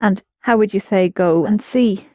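In a guided language lesson, a woman patiently explains each rule and then prompts her students to try it. Her mid-pitched voice has a dark tone and an unhurried pace, recorded close and dry with no room sound.

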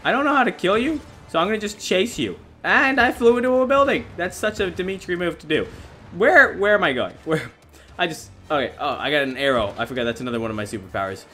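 A young man giving excitable, self-mocking gameplay commentary as a gaming YouTuber, often laughing at himself. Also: sits high, fast, soft background music.

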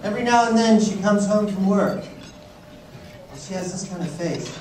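In a large conference hall, a comedian with a high-pitched, darkish voice and lively intonation talks at normal speed, teasing the crowd and mock-accusing them. The sound is echoey and noisy, picked up by a distant mic.

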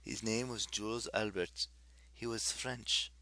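A man reading an audiobook, voicing a brooding teenage boy in a quiet, subdued way. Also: lowish voice, fairly even intonation, a little slow. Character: brooding teenage boy, son of the underworld god.

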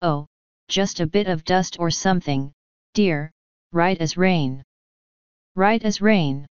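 A woman's voice: fairly low pitch, slow, a little mellow, smooth, dry recording. Lady reading an old army colonel, dry and scornful, slightly dull audio. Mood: dry wry. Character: retired older male colonel, dry and quietly scornful. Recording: dull lo-fi sound.

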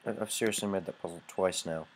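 A man from Canada commenting on a game, sarcastic and profane, shouting in frustrated bursts. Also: deep voice, steady tone, fast talker, background noise. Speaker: let's play host. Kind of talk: gameplay commentary.

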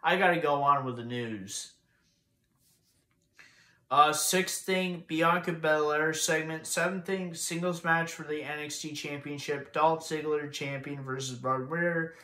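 A man's voice: fairly high pitch, fairly even intonation, measured pace, pushed and bright. A young man giving a casual, profane, frustrated rant while recapping wrestling news. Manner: frustrated, profane, repetitive ranting. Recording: echoey room.

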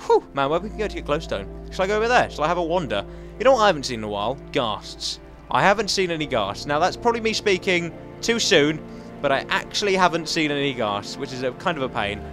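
A young man giving let's play commentary, self-mocking with sudden excited outbursts. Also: a little high, fast. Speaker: gaming channel host. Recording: faint game music behind.

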